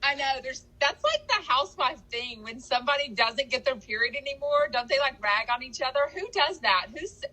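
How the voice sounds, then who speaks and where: A woman from Texas in her forties chats on her podcast with a high, bright voice. She talks in a gushing, chatty way, quick to laugh. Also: lively intonation, rough recording. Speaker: podcast co-host. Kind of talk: casual podcast chat.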